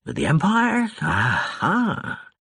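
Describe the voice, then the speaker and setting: A man's voice: high voice, wildly swooping pitch, takes it slowly, a bit bright, breathy edge, no room sound, studio quality, pitched above the performer's own voice, full character voice. A man voicing a drunken male ambassador who rambles in a slurred, meandering way, sardonic and weary. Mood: drunken rambling.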